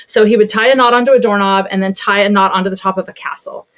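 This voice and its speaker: A woman's voice: medium pitch, quick pace. A woman, a pediatric therapist, talking as a podcast guest and telling stories animatedly. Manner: animated storyteller, acts out voices. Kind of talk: casual conversation.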